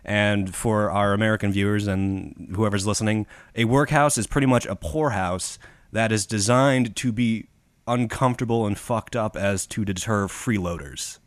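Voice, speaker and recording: A man's voice: lowish voice, moderate pace, dry recording. A man with a Chicago accent hosting a podcast, telling a history story from notes in a crude, irreverent, laughing way. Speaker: podcast host. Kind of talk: casual chat reading from notes.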